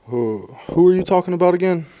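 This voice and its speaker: A man's voice: sits high, expressive, fairly quick, warm tone. A man cutting a wrestling promo as a wrestler, boastful and dismissive, complaining about his matches.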